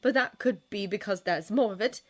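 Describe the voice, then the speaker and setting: A woman's voice: medium pitch, normal speed, voice pushed up, close to an everyday voice. A woman reading a fanfiction story, voicing a fierce, defiant young woman who snaps back emphatically. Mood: demanding. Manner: sharp, snapping, emphatic.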